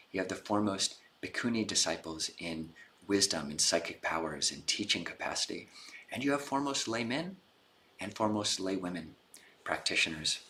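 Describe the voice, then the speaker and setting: A man's voice: low voice, bright, forceful tone, a little hiss or hum. A man, a Buddhist monk, giving an informal dharma talk, explaining casually and retelling scenes in a chatty, slangy way.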